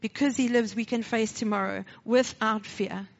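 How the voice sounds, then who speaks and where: A woman's voice: fairly high pitch, normal speed, creaky. A woman with a South African accent telling a personal testimony at church, acting out the dialogue, then moving into a short sermon. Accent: South African English. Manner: animated storytelling, acting out dialogue. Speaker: church speaker sharing a testimony. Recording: dull lo-fi recording.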